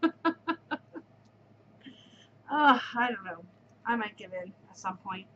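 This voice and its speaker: A woman's voice: mid-range voice, lively intonation, takes it slowly, sharp tone, dull audio, slight background noise. A middle-aged woman hosting a knitting podcast, gushing effusively over yarn in casual show-and-tell chat and repeating her words of praise.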